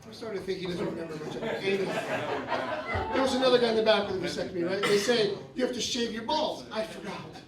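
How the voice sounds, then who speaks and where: A man telling a stand-up story to a live audience, talking to the crowd with lively energy. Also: sits high, quick pace. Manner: animated, talks to the crowd. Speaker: stand-up comedian. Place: comedy club. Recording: echoey club, distant mic, loud crowd.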